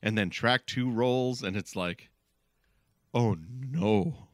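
A man's voice: medium pitch, unhurried, clean tone, dry recording, studio quality. A man co-hosting a podcast in casual chat, often laughing between words. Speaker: podcast co-host.

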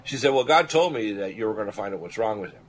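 A husky, lowish voice belongs to an older radio host from Canada who speaks fast while telling a personal story. He sounds deeply sincere and animated, imitating the people he quotes.

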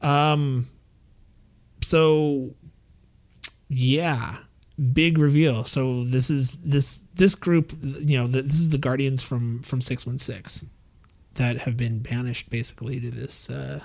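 A man's voice: medium pitch, fairly even intonation, slow, gravelly, darkish tone. A man casually recapping a comic book story, rambling with many fillers and restarts and acting out the characters' quotes.

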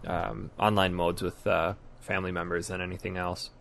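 A man's voice: low voice, flat delivery, moderate pace, gravelly, fairly bright tone. A man co-hosting a gaming podcast in loose, joking casual chat, often trailing off mid-sentence. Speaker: podcast co-host.

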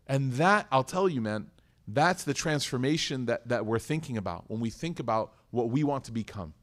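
A man giving a lively Islamic lecture to a live audience, asking questions and acting out quoted voices. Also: on the high side, normal speed.

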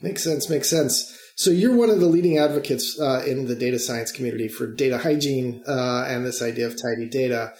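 A man's voice: medium pitch, brisk, hardly any pauses, a little mellow, echoey room. A man hosting a podcast, talking in a chatty, joking way with lots of fillers. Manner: chatty, jokey, prone to fillers. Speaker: podcast host. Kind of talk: casual podcast conversation.

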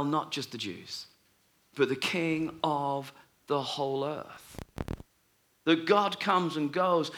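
A man preaching a sermon, telling a story and acting out the voices in it, often dropping to a hush. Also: on the high side.

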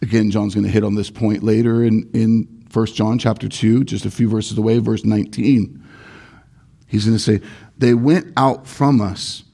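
A man's voice: fairly low pitch, flat delivery, moderate pace, vocal fry, mellow, husky. A male pastor preaching a sermon in an earnest, emphatic way, stressing points through repetition.

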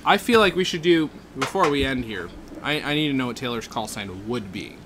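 A man's voice: mid-range voice, animated, brisk, noisy background. A man co-hosting a comedy podcast in casual chat, rambling and joking with frequent laughs. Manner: rambling, jokey, laughs often. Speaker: podcast co-host.

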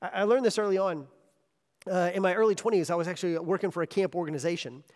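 A man in his thirties preaching a sermon to a camp crowd, telling a personal story with animated, emphatic delivery. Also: sits high, fast. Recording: long hall reverb.

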